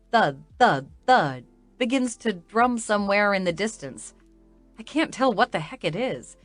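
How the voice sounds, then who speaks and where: Woman audiobook narrator, slow, tearful first-person reading, dry close mic. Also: mid-range voice, a bit bright, no echo.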